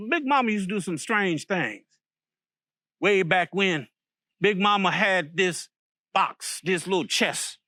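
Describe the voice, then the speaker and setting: A man's voice: sits high, pushed and bright, no echo, clean studio sound. A man from Virginia telling a folk story aloud, in a folksy way with many repeated words and restarts. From Virginia, USA.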